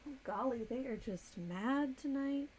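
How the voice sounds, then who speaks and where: Slow-talking woman streamer chatting with chat. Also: high-pitched, animated, darkish tone, a little hiss or hum. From United States. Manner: chatty, distracted, reads chat aloud and types. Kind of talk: casual live-stream chat.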